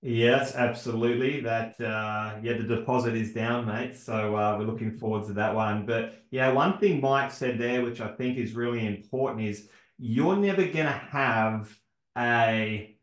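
A man's voice: medium pitch, measured pace. A man hosting a team video call, jokey and chummy. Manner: jokey, chummy, says "mate". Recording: roomy echo.

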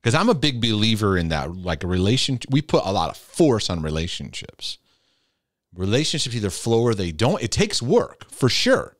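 Speaking at a moderate pace in a very animated, medium-pitched voice, a male host fields viewer questions in a casual, faith-based advice talk. He's conversational, turning loud and emphatic, then going quiet. The studio recording is clean, with no room sound.

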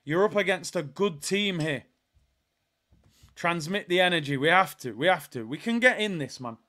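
A young man hosting a live football watch-along, reacting with frustration and shouting at the players. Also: sits high, expressive, moderate pace. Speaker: fan watch-along host.

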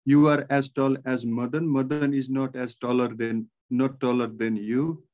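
A man with a Nepali accent teaching an exam-prep English grammar lesson, dictating sentences slowly word by word. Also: medium pitch, flat delivery, a little mellow, lo-fi sound. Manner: slow, measured dictation, repeating sentences word by word.

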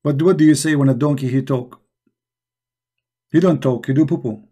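A man's voice: medium pitch, moderate pace, dark tone, husky. A man hosting a live religious debate stream, mocking and emphatic, repeating rhetorical questions into a computer mic. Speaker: debate show host.

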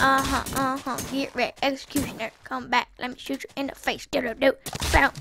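A woman giving excitable live gameplay commentary, trash-talking opponents and giggling as she plays. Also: high-pitched, brisk, vocal fry, a little hiss or hum. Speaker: gaming channel host.

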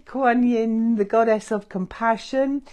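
A woman leading a guided meditation with chanting, gentle and effusive, with many fillers. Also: on the high side.

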